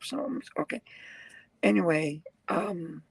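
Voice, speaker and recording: A truck driver rambles through a live-stream chat, greeting viewers and reading their comments, with frequent laughs. The voice is husky and gravelly and takes its time, and the sound is close and dry. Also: medium pitch, takes it slowly, no echo, low-quality recording. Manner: laughs often.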